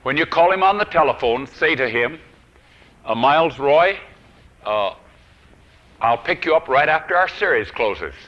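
A man preaching a sermon, telling a personal story and swinging from loud declarations to hushed whispers. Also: on the high side, lively intonation, unhurried, long pauses. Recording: dull lo-fi old recording.

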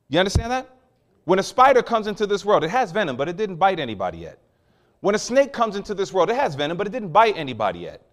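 A male preacher delivering a teaching sermon. His fairly high voice rises and falls with wide swings. He drives his points home with emphatic questions.

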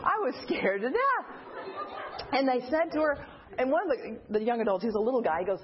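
A woman's voice: high-pitched, normal speed, muffled recording. A woman from a church group telling a personal story to an audience, acting out the voices of the people in it. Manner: animated storytelling, acts out quoted voices. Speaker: church member giving a testimony.

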